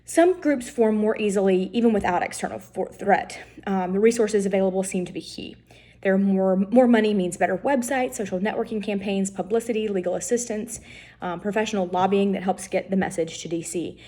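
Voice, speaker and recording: A woman talks through a political science lecture in a warm, mellow voice. She explains steadily, often pausing on "um" and correcting herself mid-sentence. Her pitch sits in an ordinary middle range. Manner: explanatory, frequent ums and self-corrections.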